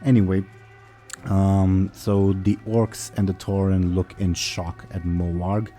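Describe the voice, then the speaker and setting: A man running a tabletop game as game master, narrating loosely and hesitantly with many pauses. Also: deep voice, flat delivery, dark tone, faint music behind.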